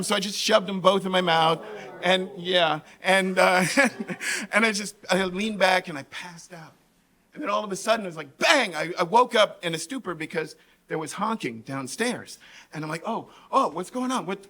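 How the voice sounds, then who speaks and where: A man with a high voice and a New York accent, from New York, performs a humorous personal anecdote on stage with lots of animation, constantly tossing "right?" at the audience and doing vivid impressions of the people he quotes.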